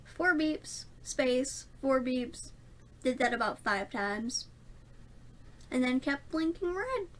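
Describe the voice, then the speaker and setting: A woman's voice: high-pitched, animated, takes it slowly. A young woman rambling through a casual storytime vlog, self-mocking and laughing often. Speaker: vlogger.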